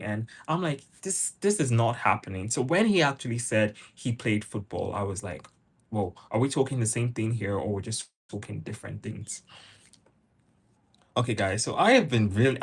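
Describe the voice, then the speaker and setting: A young Nigerian-accented YouTuber chats casually with viewers in a livestream, answering their comments. His medium-pitched voice is expressive with a breathy edge, and he speaks at a normal pace.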